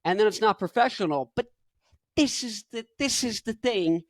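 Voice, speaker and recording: A man in his twenties giving rambling, jokey reaction commentary, jumping into loud bursts. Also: sits high, expressive, normal speed, no room sound. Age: 20s. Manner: rambling, jokey, goes off on tangents. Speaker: rock musician reacting to a video.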